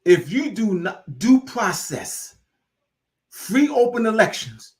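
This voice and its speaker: Speaking slowly but very animatedly in a high voice, a host lectures with passion, repeating himself and growing more fervent and preachy. His talk is informal and drifts into dialect.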